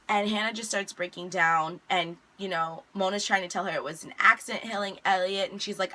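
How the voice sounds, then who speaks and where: A young woman casually recaps a TV episode, retelling its scenes with lively asides and a touch of exasperation. She speaks quickly at a medium pitch, with hardly any pauses.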